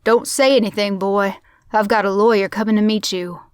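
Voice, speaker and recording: A woman's voice: medium pitch, fairly even intonation, drawn-out words, warm tone, smooth, no room sound, studio quality. A woman voicing an older male rancher who scoffs and barks orders at his son. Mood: commanding. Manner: scoffing, commanding. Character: gruff old male rancher, father.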